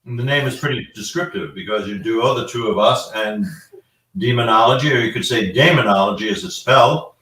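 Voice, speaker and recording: A man's voice: lowish voice, a little fast, a bit bright, echoey room, distant mic, rough recording. A man guest explaining his research in a casual live-stream chat, rambling with frequent fillers. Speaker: guest demonologist.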